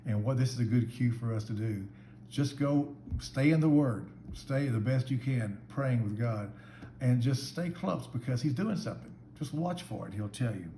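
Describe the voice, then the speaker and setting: Guy doing a quick devotional, earnest and chatty, mid pitch, echoey room. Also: dark tone. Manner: earnest, conversational Bible teaching. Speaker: church minister giving a devotional. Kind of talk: short devotional Bible talk. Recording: echoey room with faint background hum.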